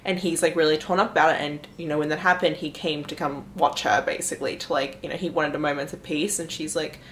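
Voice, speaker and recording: A young woman vlogging about books she is reading, chatting casually and gushing, with "like" in nearly every phrase, swinging from hushed to excited. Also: low voice, fast talker, slight background noise. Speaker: book vlogger. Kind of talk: casual chat.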